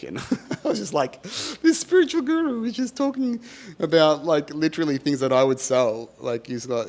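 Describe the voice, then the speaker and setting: A man's voice: fairly high pitch, lively intonation, moderate pace. A man hosting a podcast in a casual monologue, rambling with many fillers and frequent laughter. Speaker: podcast host.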